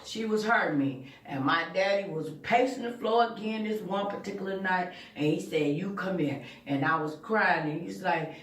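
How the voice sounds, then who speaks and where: A woman speaks candidly and bluntly about her own past, dropping profanity without hesitation. Her voice sits at a middling pitch. It is recorded from a distance in a reverberant room. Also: moderate pace, hardly any pauses, fairly bright tone. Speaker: channel host. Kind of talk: personal storytelling. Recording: echoey room, voice far from mic.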